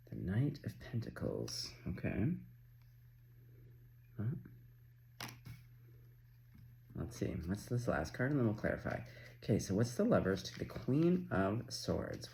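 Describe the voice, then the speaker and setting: Man, gravelly voice, lively up-and-down delivery, casual chatty tarot reader, swears offhand. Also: on the low side, slight background noise. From Canada. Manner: chatty, excitable, swears casually, coos at his dog. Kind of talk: casual tarot reading chat.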